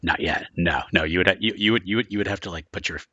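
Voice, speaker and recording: A man's voice: deep voice, fast talker, pushed and bright, no echo, lo-fi sound. A man running a tabletop horror game as game master, describing scenes in a loose, rambling way full of filler words.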